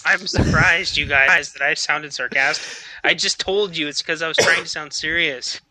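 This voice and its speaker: A man's voice: fairly high pitch, moderate pace, no echo, rough recording. A man co-hosting a casual podcast chat, with a wry delivery that comes across as sarcastic. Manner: wry, deadpan, sounds sarcastic. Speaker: podcast co-host.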